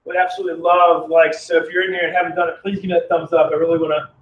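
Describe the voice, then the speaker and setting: A man's voice: a little high, little pitch movement, very fast, muffled recording, a little hiss or hum. Chatty man live-streaming outdoors. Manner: chatty, reads chat aloud, rambling. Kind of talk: casual live-stream chat. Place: outdoors in the cold.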